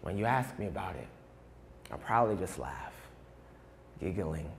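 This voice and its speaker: A young man from New York, a performance poet, chatting and joking with a live audience in a college hall, then reciting his own poem with rhythmic verse that swells and softens. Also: deep voice, very animated, moderate pace, vocal fry, slight background noise. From United States (New York). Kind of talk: live spoken-word poetry performance.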